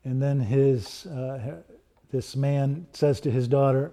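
A man's voice: mid-range voice, steady tone, slow, mellow. A male preacher giving an earnest sermon that builds into a fervent closing prayer.

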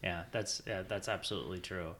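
Bright-voiced enthusiastic man chatting films. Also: sits low, fairly even intonation, brisk. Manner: enthusiastic, rambling with many fillers. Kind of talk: casual movie podcast chat.

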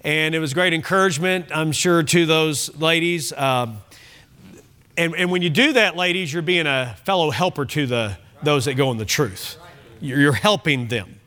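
A man's voice: fairly high pitch, moderate pace, bright, forceful tone. A man pastor preaching a sermon, emphatic and fond of repeating key phrases.

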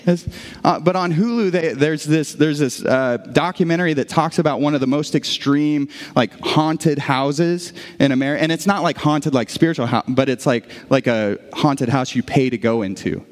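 A long reverb tail follows this fairly high-pitched man, who talks at normal speed. He's pastor of a church, preaching a sermon in its auditorium through animated storytelling that frequently restarts.

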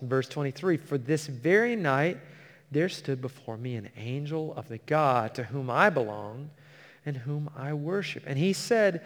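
Man preaching with long hall reverb. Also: a little high. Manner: earnest preaching with slowed, emphatic scripture reading. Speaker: pastor. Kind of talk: sermon.

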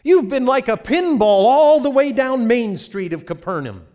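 A man's voice: extremely high pitch, lively intonation, darkish tone, voice pushed up. A man preacher voicing an exasperated disciple in a retold gospel scene. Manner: incredulous, fast.

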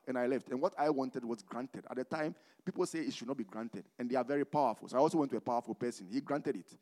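A man from Ghana preaching a sermon as a pastor, calling for the congregation to finish his phrases and moving between loud proclamation and quiet asides. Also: racing, hardly any pauses. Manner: call-and-response preaching, asking "what?" for the congregation to finish; swings between loud emphatic proclaiming and low conversational asides.

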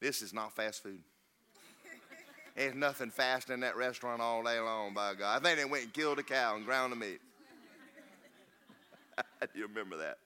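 A man's voice: mid-range voice, normal speed, long pauses, pushed and bright. A man preaching a sermon as pastor, folksy and joking, then rising to emphatic preaching.

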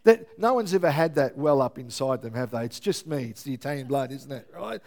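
A man preaching a sermon as pastor, lively and often checking in with his listeners. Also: mid-range voice, a little fast, gravelly. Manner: lively, keeps checking in with the congregation.

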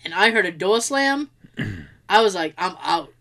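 A woman's voice: medium pitch, a little slow, vocal fry. A woman in casual chat, telling a story with lots of acted-out quotes and frequent laughter. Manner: animated storyteller, acts out quotes, laughs often. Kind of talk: casual chat recapping a ghost show.

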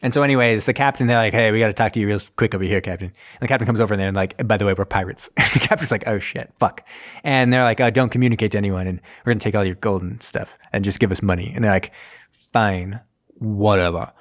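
A man in casual chat, recapping a film plot and acting out the characters' lines in quick voices. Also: on the low side. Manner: rambling, acts out scenes in quick voices. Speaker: podcast host recapping a film.

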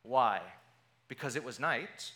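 A man preaching a sermon, retelling a scripture passage with animated storytelling and briefly acting out the voices of the people in it. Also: mid-range voice, takes it slowly. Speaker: pastor.

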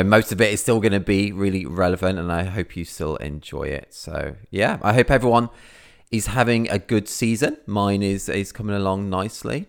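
A low-voiced man hosts a casual podcast, chatting loosely with plenty of ums and restarts. He's a wedding photographer from England who ad-libs his intros and talks over to his guest in an easygoing way. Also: creaky, clean tone. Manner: rambling, filler-heavy ad-libbing. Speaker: podcast host.

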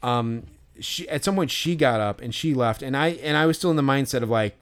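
A man's voice: medium pitch, a little fast, smooth. A young man and podcast co-host telling a long, profane, ranting story in casual chat.

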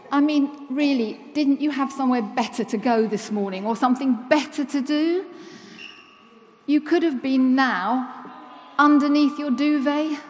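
A church member with a slightly high, somewhat mellow voice gives a chatty, playful conversational sermon, asking the congregation rhetorical questions. The recording has a little hiss or hum and the long reverb of a church hall.

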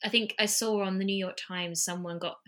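A woman's voice: mid-range voice, brisk. A woman with an English accent, an actor chatting as a podcast guest, telling stories with lots of fillers over a remote call. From England. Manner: chatty, animated storytelling with many fillers. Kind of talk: casual chat. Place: home in London.

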